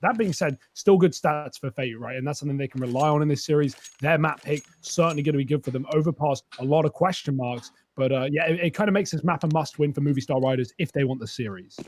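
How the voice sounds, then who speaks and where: A male esports co-caster with a somewhat high voice. He works through stats and tactics in a steady, analytical way. His talk is sprinkled with fillers like "uh" and "like". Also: fast talker, hardly any pauses. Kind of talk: analytical color commentary.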